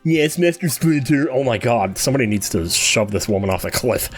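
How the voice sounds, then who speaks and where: A man's voice: lowish voice, a little fast, faint music behind. A young man hosting a let's play, joking and reacting aloud while he reads the game's dialogue. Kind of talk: casual game commentary.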